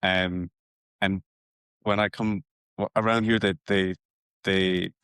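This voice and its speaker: A middle-aged man from Cork with a mild Cork accent, a podcast guest talking haltingly with many restarts. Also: deep voice, little pitch movement, fairly bright tone, clean tone, no room sound, studio quality. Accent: mild Cork Irish. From Cork, Ireland. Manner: hesitant, many restarts and uhs. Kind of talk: casual chat.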